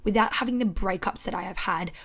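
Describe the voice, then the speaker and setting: A young adult woman with an Australian accent, hosting a casual motivational podcast from home on a microphone, expressive and emphatic with frequent swearing. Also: mid-range voice, fast talker, slightly rough. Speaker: podcast host. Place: her house. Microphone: studio microphone.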